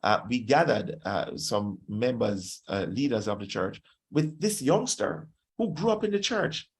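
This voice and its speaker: A man's voice: mid-range voice, very animated, unhurried. A pastor with a Jamaican accent preaching a sermon, exhorting his listeners and slipping into Patois phrases.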